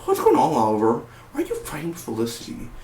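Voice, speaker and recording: A man voicing a flustered young male speedster hero who stammers in a high, hesitant voice, recorded from a distance in an echoey room with a faint hum. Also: huge pitch swings, quick pace, vocal fry, warm tone, exaggerated voice.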